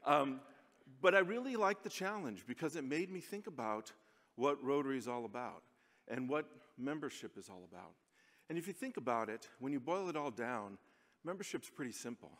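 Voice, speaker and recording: Friendly mid-pitched man, keynote speaker, chatty and self-deprecating, long hall reverb. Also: animated, moderate pace, fairly bright tone. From United States. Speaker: conference speaker. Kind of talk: conference keynote speech. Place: large conference hall.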